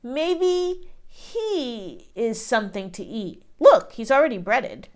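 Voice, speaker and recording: A grumpy male giant from a storybook complains loudly and drags out his words. A woman voices him with a lively, sing-song rise and fall. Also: fairly high pitch, slow. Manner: grumbling and loud complaining.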